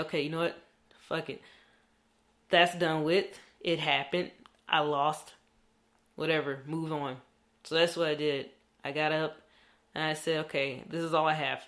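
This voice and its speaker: In a casual diary vlog, a young adult rambles candidly and curses without restraint. The voice is mid-range and a bit bright.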